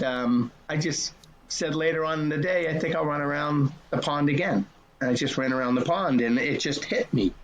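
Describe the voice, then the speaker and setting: A man in his sixties, a race director, telling folksy, earnest stories and acting out old conversations. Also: mid-range voice. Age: 60s. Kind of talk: storytelling interview.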